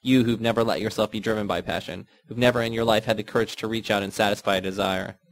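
A man's voice: lowish voice, fairly even intonation, fast, lightly acted. A man voicing a bitter, cold woman. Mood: cutting. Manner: grumbling, cutting. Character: bitter, sullen grown woman, cold and cutting.

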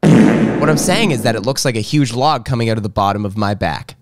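A man's voice: lowish voice, brisk, noisy background. A young man giving comedic reaction commentary, ranting sarcastically and swearing with exasperation. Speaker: commentary host.

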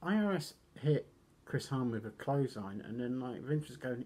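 A man's voice: medium pitch, lively intonation, moderate pace, warm tone, husky. A man giving a casual, rambling wrestling recap, coughing now and then and poking fun at himself. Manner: rambling, self-deprecating, coughs often. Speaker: wrestling reviewer.

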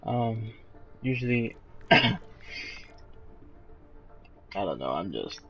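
A tired young man giving casual, low-key gameplay commentary into a headset mic, trailing off with fillers. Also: big pitch swings, extremely slow, loud music behind the voice. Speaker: gaming YouTuber. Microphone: gaming headset mic.

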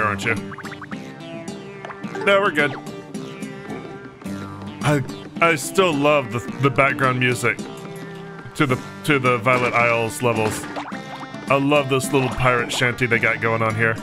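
A man's voice: mid-range voice, unhurried, pauses often, over music. A man from Texas giving casual, joking gameplay commentary with chatty, self-mocking asides. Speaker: let's play host.

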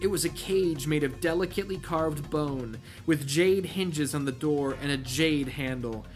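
A man with a voice on the high side reads a novel aloud at an unhurried pace while faint music plays behind him. As the channel's host, he turns it into a comedic read-through, breaking off for wry asides.

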